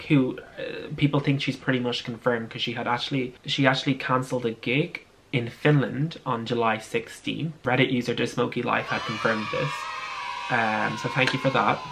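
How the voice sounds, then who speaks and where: Gravelly young Irish man chatting. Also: mid-range voice, fairly bright tone, slight background noise. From Ireland. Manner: chatty, gossipy, frequent ums and restarts. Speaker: vlogger. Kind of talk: casual chat.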